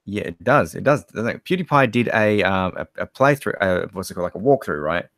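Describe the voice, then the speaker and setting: Australian guy, live-stream co-host, rambling and lively, dry close sound. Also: lowish voice, brisk, no room sound. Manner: rambling, laid-back storytelling with many fillers. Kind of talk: casual live stream chat reading viewer comments.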